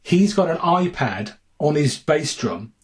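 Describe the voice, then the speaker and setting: A man's voice: on the high side, very animated, measured pace, husky. A man with a Birmingham accent, a podcast guest chatting casually over a video call, rambling and correcting himself. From England. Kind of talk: casual chat.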